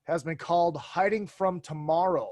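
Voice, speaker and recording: A man from Minnesota, a podcast guest talking in casual, animated chat and swearing in passing. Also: on the high side, moderate pace, no echo.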